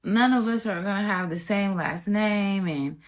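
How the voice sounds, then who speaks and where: A woman voicing her tearful teenage daughter, who is nearly sixteen, in a quick, pleading way. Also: mid-range voice, lightly acted. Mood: upset, pleading.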